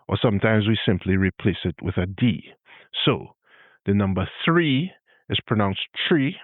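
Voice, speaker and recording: A man with a Trinidadian accent hosts a podcast lesson. He talks in a good-humored, easy way and slows down to show how words sound. His voice sits on the low side. The recording is dry and tinny, like a phone line. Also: dry recording. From Trinidad and Tobago. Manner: good-humored, spells out sounds slowly to demonstrate. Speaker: podcast host. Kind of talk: explanatory monologue, tutorial.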